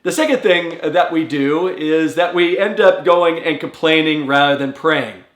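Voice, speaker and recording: A man gives an earnest, conversational devotional talk in a slightly higher voice. He acts out quoted prayers with a rising pitch, and the room adds a noticeable echo. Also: a little slow, a bit bright. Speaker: pastor.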